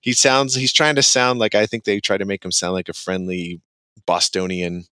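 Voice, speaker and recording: A man's voice: sits low, moderate pace, sharp tone, smooth, dry recording. A man casually recapping a game's story as a podcast co-host, rambling with lots of "like" and "um". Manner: rambling, heavy on "like" and "um".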